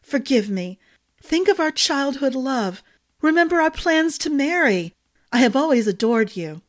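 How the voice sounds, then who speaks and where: A woman's voice: fairly high pitch, unhurried, pitched above the performer's own voice, close to an everyday voice. Audiobook: woman reader as a manipulative young king, choked, pleading tone. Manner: choked, throbbing with longing.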